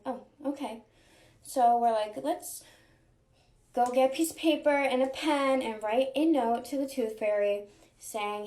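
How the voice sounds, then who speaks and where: A young woman, a mother, casually telling a family story and acting out the quoted lines in lively voices. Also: a little high. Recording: echoey room.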